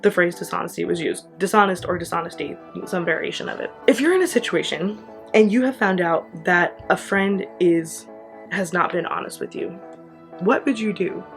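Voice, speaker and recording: A young American woman talks straight to camera as the host of her own channel, chatty and earnest, tossing in quick asides. Her voice sits a little low for a woman. Faint music plays underneath. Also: expressive, gravelly. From United States. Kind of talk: casual vlog talk to camera.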